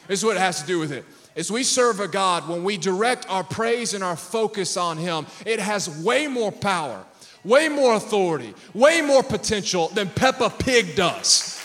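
High-voiced energetic man preaching. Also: measured pace. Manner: energetic preaching with crowd call-outs and humor. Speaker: pastor. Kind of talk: sermon.

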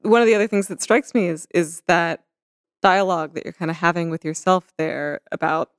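A woman's voice: lowish voice, fairly even intonation, brisk, smooth, dry recording, studio quality. A woman hosting an interview, reflective in her questions and laughing lightly between them. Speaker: interviewer and host. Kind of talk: thoughtful interview conversation.

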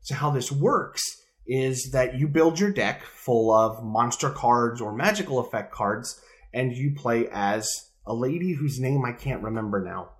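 A man's voice: mid-range voice, expressive, measured pace. A man in his thirties co-hosting a casual podcast about retro games, talking in a jokey, rambling, playful way from a room at home. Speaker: podcast co-host. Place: home room with open window.

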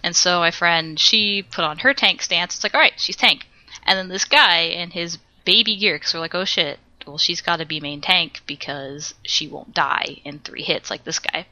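A woman's voice: lowish voice, normal speed, sharp tone, no room sound. A woman co-hosting a podcast, telling a long rambling gaming story in casual chat, laughing often and swearing as she acts out quotes. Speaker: podcast co-host.

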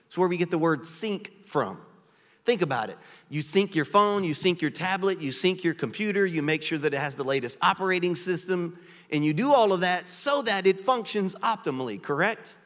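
A man preaches to his congregation, animated and conversational, peppering his talk with rhetorical questions. His voice sits a little high for a man. The sound carries the long reverb of a church sanctuary. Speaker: pastor. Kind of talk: sermon.

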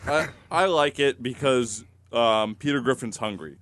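Give me a deadpan man trading crude jokes, recorded dry and close. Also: medium pitch, a little slow, no room sound. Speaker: podcast co-host. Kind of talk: casual banter.

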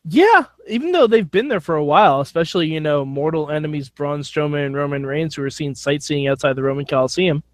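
A man with a high, lively voice riffs sardonically as a co-host on a casual wrestling chat show. His voice swings a lot in pitch, and the webcam sound is close and dry. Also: brisk, hardly any pauses, no room sound. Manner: sardonic, joking. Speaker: podcast co-host.

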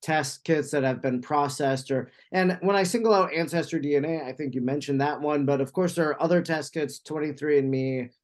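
Host, man, fairly high voice, rambling conversational interviewer. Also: a little fast, few pauses. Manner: long, winding questions with restarts.

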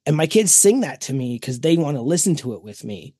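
Male podcast co-host, animated, swings his pitch widely, foul-mouthed and giggly. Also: fairly quick, husky, no echo. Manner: animated, laughing often, swears freely. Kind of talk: casual podcast chat.

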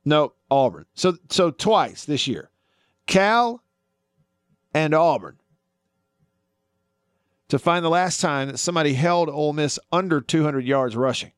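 Animated male sports radio host. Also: on the high side, unhurried, long pauses, smooth, no room sound, clean studio sound. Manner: animated, argues with himself, asks listeners questions.

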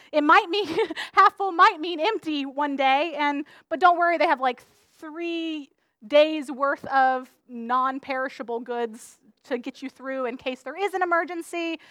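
Bright, high-voiced woman pastor preaching. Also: dry recording. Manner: playful and self-mocking, then hushed and earnest in prayer. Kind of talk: sermon.

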